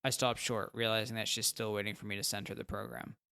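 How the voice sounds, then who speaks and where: A man's voice: lowish voice, little pitch movement, fast, vocal fry, bright, forceful tone, clean tone. A man reading a first-person fiction story aloud in a plain, conversational way. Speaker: narrator. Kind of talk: first-person audiobook narration.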